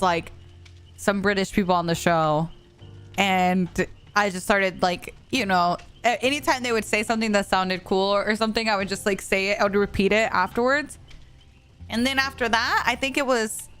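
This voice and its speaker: Young woman game streamer, casual and chatty, unhurried delivery, hums to herself between lines. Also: mid-range voice, a bit bright, clean tone. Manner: chatty, hums little vocal stims. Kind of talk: casual gameplay chat while answering viewers.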